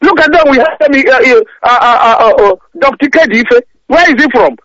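A caller on a radio talk show angrily rants, stammering repetitively and stumbling over his words. His very high, slightly bright voice moves a little fast. The phone-in audio is dull and lo-fi, with no echo.

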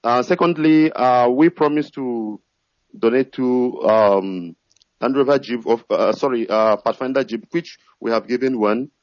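A man's voice: medium pitch, measured pace, no echo. A man addresses a radio host, earnest and rambling. His voice is mid-range and dry, coming through a muffled, dull line. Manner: earnest, rambling, with many fillers. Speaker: caller. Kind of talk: radio call-in.

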